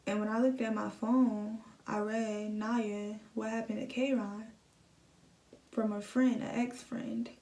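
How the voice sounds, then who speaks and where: A young woman recounts a painful memory in a halting, emotional way, circling back over the same words. Her voice stays flat in pitch. The phone picks her up from a little way off in a roomy, echoing space. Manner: emotional, halting, repeats herself. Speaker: vlogger. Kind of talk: personal storytelling. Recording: echoey room, phone set at a distance.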